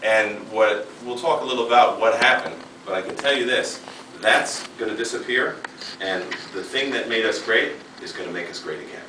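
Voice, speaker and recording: Fired-up guy in his 30s giving a seminar pep talk, lowish voice, mic far off in a roomy hall. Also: normal speed, hardly any pauses, background noise. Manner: fired-up, emphatic. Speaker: seminar speaker. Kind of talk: motivational talk. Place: seminar room. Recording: echoey room, mic far off.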